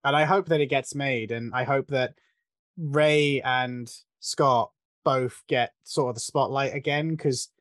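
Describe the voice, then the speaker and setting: A man's voice: mid-range voice, fairly even intonation, measured pace, fairly bright tone, no echo, studio quality. A man co-hosting a podcast, talking films through in a thoughtful, analytical way with frequent restarts. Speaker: podcast co-host discussing a film. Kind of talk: casual film discussion.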